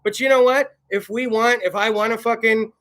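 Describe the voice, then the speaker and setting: Talk show host, male, 30s; bright, high voice; crude, swaggering monologue. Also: fairly even intonation, moderate pace. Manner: brash, swears constantly, laughs at own jokes. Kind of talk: casual profane monologue.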